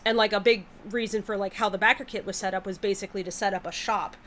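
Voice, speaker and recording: A woman's voice: mid-range voice, fairly even intonation, fast, fairly bright tone, slight background noise. Woman, project lead on a home stream mic, chatty and wordy, restarts often. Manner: wordy, lots of fillers and restarts. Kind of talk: casual livestream chat.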